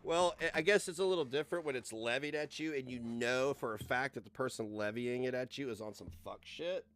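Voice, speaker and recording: A man's voice: mid-range voice, brisk, fairly bright tone, clear, resonant tone. A man livestreaming, ranting in casual, profane talk as he reacts to clips.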